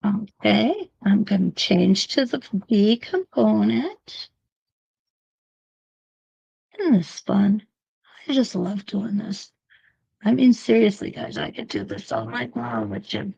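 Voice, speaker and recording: A woman's voice: medium pitch, very animated, slow, creaky, pauses often, dark tone, slightly rough, muffled recording. A middle-aged woman teaching a quilting demo to online viewers, chatty and talking to them as she works, with a laugh now and then. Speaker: quilting instructor. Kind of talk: live-streamed quilting demo.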